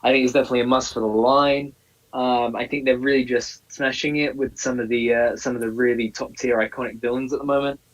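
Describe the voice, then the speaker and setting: A man's voice: medium pitch, level tone, fast talker, recorded from a distance, lo-fi sound. A man co-hosting a casual live stream, agreeable and hesitant, with many fillers. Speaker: co-host. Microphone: earphones mic over a call.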